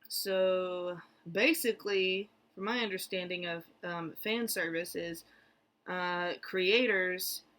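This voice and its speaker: A young woman from the United States talks to her camera in a loose, meandering vlog. She circles back on her words, piles up fillers and drops in animated little asides, with a voice at an ordinary middle pitch. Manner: rambling, full of fillers and restarts, animated asides. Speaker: therapist vlogger. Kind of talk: casual talking-head vlog.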